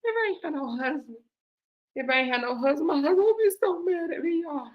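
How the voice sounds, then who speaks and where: High-voiced woman host, aave, laughing so hard she's crying, dramatic, talking to y'all. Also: animated, fairly quick, muffled recording. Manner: laughing through tears, dramatic, addresses audience as y'all. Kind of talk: casual commentary to viewers.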